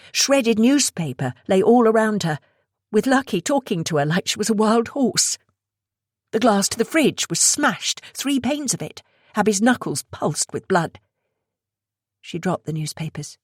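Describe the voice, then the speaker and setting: A woman with a deep, low-set voice reads a suspense novel aloud in a steady, measured delivery. The sound is close and completely dry, with no room around it. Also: no echo. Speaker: audiobook narrator. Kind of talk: scripted thriller narration.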